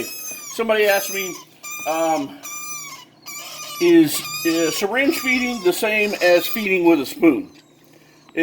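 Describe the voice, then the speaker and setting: A man's voice: sits high, slight background noise. A man who breeds birds gives a casual how-to demonstration, explaining step by step with lots of fillers and restarts. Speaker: bird breeder.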